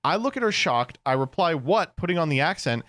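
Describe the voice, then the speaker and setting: A man's voice: on the high side, sing-song, brisk, a bit bright, no echo. A man co-hosting a comedy podcast, reading out a forum post and mocking it with sarcastic banter. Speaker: podcast co-host.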